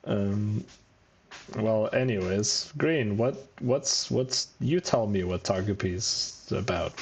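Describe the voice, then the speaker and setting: A man's voice: lowish voice, slow, gravelly, slight background noise, low-quality recording. A man co-hosting a podcast in casual chat, laughing often and acting out quoted lines in a raised voice. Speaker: podcast co-host.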